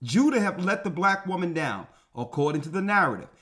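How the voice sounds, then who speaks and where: A man's voice: high-pitched, expressive, fairly quick, fairly bright tone. A man, a church elder, hosting a commentary show and preaching emphatically to his co-host. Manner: emphatic, addresses co-host directly.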